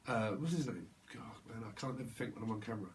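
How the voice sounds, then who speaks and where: A man's voice: lowish voice, quick pace. A man giving a casual tarot reading on camera, rambling and playing with words. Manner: rambling, playful wordplay, laughs often. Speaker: tarot reader.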